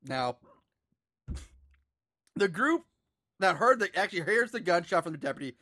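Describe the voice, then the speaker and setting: A man's voice: high voice, sing-song, moderate pace, pushed and bright, no echo, studio quality. A man co-hosting a podcast, recapping a movie plot with sarcastic asides. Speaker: podcast co-host.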